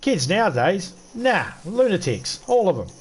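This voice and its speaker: A man's voice: high-pitched, sing-song, moderate pace, slightly rough. A middle-aged Australian man streaming a game, ranting bluntly and swearing in casual chat. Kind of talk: casual rant while streaming.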